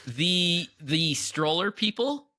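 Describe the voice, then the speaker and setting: A young man co-hosts a casual podcast with a very bright, ringing tone. He talks in a lively, animated way and often slips into playful exaggerated voices. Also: takes it slowly. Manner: animated, breaks into high exaggerated impressions. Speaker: podcast co-host. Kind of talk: casual chat.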